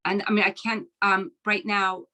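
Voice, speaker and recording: On a rough recording, a woman in her fifties originally from Philadelphia talks with a medium-pitched, level, pushed and bright voice at normal speed. She's an author guest in a casual interview over video call, at home on the Irish coast, with an American accent touched by an Irish lilt. Frequent laughter and restarted sentences mark her talk.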